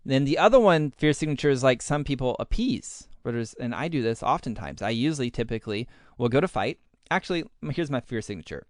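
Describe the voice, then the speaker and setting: Brief: male podcast host, smooth resonant voice, dry close sound, animated, acts out his thoughts mid-sentence. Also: medium pitch, brisk, dry recording. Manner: animated, acts out his own inner voice in quotes; uses many fillers like "like". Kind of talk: casual podcast talk.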